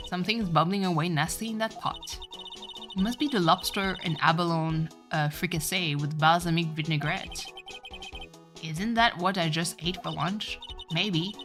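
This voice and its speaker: A woman streamer playing a game, reading its dialogue aloud with lively asides and self-corrections. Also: on the low side.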